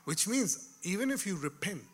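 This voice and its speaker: A man preaching a sermon, dropping to a hush and rising to shouts, calling out to his listeners. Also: high-pitched, sing-song, normal speed. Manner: swings from hushed to shouted, calls out to the crowd.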